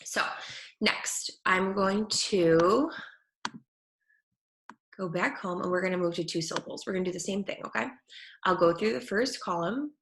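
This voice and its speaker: A woman speech therapist teaching children at home, saying each word slowly and clearly. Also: fairly low pitch, fairly bright tone. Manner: slow, clear over-articulation of words. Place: her home kitchen. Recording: echoey room.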